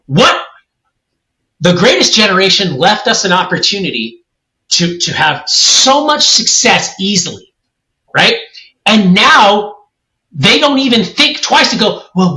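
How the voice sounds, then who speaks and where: Man, forties, heated podcast rant, bright tense voice, very lively pitch, echoey room. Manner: heated, ranting, emphatic. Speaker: co-host. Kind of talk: podcast discussion.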